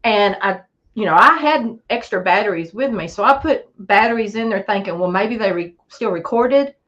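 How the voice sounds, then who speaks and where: Animated woman telling a story, muffled. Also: mid-range voice, normal speed. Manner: animated storyteller acting out quoted voices. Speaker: podcast guest. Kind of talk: storytelling in casual chat.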